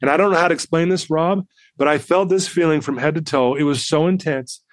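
Animated storytelling man, fairly high voice. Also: a little fast, dry recording. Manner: animated, acts out the voices of people in his story. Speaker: podcast guest. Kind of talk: personal storytelling in an interview.

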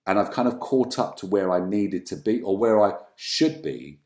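A man with a deep, dark and mellow voice talks candidly about his past as an interview guest. He is reflective and halting, and often trails into ums and restarts. His delivery is unpolished and personal. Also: expressive. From London, England.

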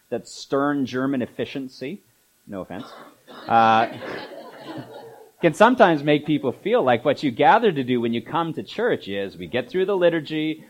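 A man's voice: mid-range voice, poor audio. A man preaching a sermon as pastor, in a conversational manner full of asides and filler words. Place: church.

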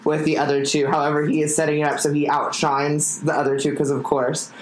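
A woman's voice: low voice, little pitch movement, brisk, echoey room, rough recording. A woman playing in a tabletop game, describing her character's actions in a playful way. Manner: laughing, playful. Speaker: player.

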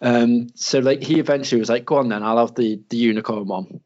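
A British man in casual chat, telling an animated story and mimicking people in a higher voice. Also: brisk. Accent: British English. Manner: animated, acts out quotes in a higher voice. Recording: slightly dull lo-fi sound.

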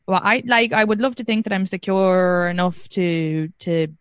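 A woman's voice: mid-range voice, moderate pace, clear, resonant tone, no echo. Woman on a podcast, rambling a bit, dead dry room, mid voice. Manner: rambling, many fillers and restarts. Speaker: podcast guest or host. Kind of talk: casual podcast chat.

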